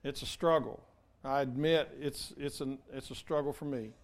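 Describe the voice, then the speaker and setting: A man's voice: medium pitch, fairly even intonation, moderate pace. A male pastor preaching a sermon in an earnest way, repeating key phrases and speaking straight to his congregation.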